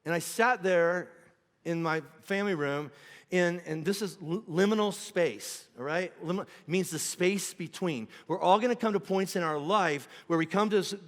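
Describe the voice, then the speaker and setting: A man's voice: sits high, moderate pace, big-room sound. A middle-aged man preaching a sermon as pastor, in a conversational way, acting out quoted voices. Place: church auditorium.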